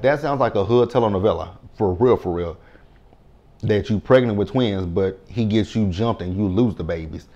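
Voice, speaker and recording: A man hosting a casual recap, chatty and quick to laugh, swearing freely. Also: low voice, darkish tone, muffled recording. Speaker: recap host.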